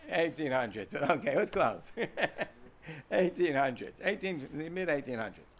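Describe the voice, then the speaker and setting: A man with an American accent teaching a class in a relaxed, meandering way. He repeats himself, restarts sentences and keeps turning to his students with questions. His speaking voice sits slightly high for a man. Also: unhurried. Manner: rambling, repeats words, asks students questions. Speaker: Torah teacher. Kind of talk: informal classroom lecture.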